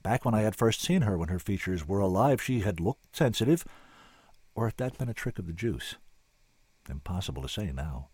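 A man's voice: lowish voice, animated, moderate pace, darkish tone, breathy edge, no echo. Guy reading a story in first person, dry wry delivery, no room sound at all. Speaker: audiobook narrator. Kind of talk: first-person scripted narration.

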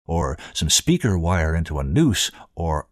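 Expressive male story reader, dry and close. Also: sits low, unhurried, dry recording. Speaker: host and reader. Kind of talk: scripted fiction narration.

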